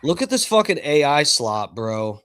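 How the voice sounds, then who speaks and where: A man's voice: a little high, big pitch swings, moderate pace, fairly bright tone, a little hiss or hum. A man hosting a live stream, chatting casually and swearing freely as he talks to his viewers. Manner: chatty, profane, talks to chat. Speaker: livestream host.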